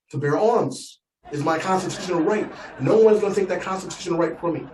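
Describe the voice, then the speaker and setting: A blustering, gun-proud rancher barks out threats, as a comedian puts him on. His voice sits fairly high and rings in a roomy space, with a faint hiss behind it. He talks down to everyone, calling them "boy". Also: a little mellow, close to an everyday voice. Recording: echoey room, distant mic, faint noise.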